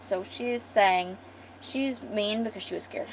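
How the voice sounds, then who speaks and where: A woman's voice: medium pitch, unhurried, a little hiss or hum, poor audio. A woman streamer casually retelling her comic's story in a loose, rambling way.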